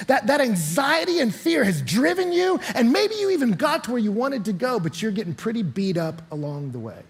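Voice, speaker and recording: A man preaching as a pastor, with a fairly high voice that has a husky, breathy edge. He tells his story with animation and acts out the moments as he speaks. His delivery is lively and expressive. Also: normal speed, few pauses. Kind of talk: sermon.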